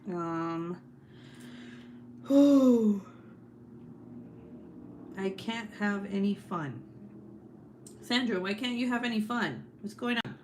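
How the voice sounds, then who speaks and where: A woman around thirty hosting a casual live stream, talking loudly with plenty of swearing and laughter. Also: mid-range voice, slow, pauses often, slight background noise. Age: 30s. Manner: loud and profane, laughing often. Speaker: host.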